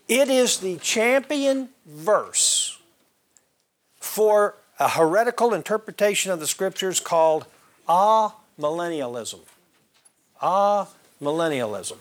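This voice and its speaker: A man teaching a Bible class, quizzing his listeners and calling on them by name. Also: sits high. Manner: questions the class and calls on members by name.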